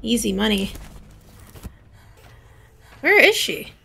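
A woman's voice: fairly high pitch, big pitch swings, takes it slowly, gravelly, pushed and bright, breathy edge. A young woman hosting her gaming channel, chatting casually through gameplay with jokey asides and startled outbursts.

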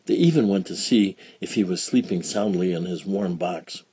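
A man reading a children's picture book aloud in a slow, expressive, gentle storytelling manner. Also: low voice, breathy edge, no room sound. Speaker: storybook reader.

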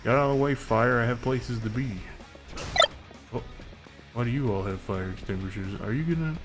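Over game music, a young let's play commentator delivers crude, comedic commentary on the video game he's playing. His voice is mid-range and his pace moderate.

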